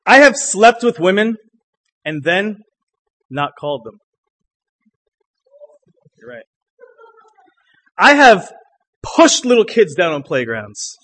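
A young man with a high-pitched voice performs spoken word poetry in a live room. He moves between loud, punchy declamation and hushed lines. Between poems he chats loosely with the crowd. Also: sing-song, slow pace, long pauses. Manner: loose rambling banter with the audience between poems.

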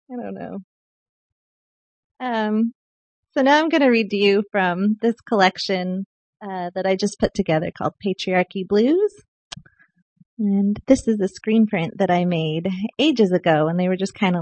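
A woman poet giving a live poetry reading, expressive in her poems and soft and chatty in the asides between them. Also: mid-range voice, no echo. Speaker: featured poet. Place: poetry night venue.

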